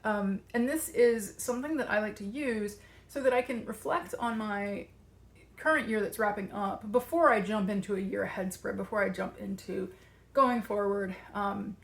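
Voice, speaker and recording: A woman's voice: mid-range voice, moderate pace, vocal fry. A woman, out of breath, hosts her channel and explains a tarot practice in a chatty, rambling way. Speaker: tarot coach and channel host. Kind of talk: casual video walkthrough.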